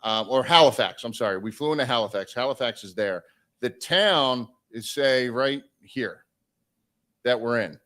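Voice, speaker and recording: A man speaking at medium pitch and a moderate pace shares a long road story on a live stream. The telling is casual and animated, with swearing and acted-out voices for those he quotes.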